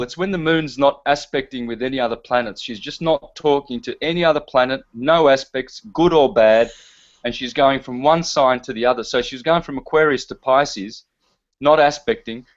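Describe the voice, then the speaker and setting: Emphatic preachy man, dull lo-fi sound. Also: mid-range voice. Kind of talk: casual chat.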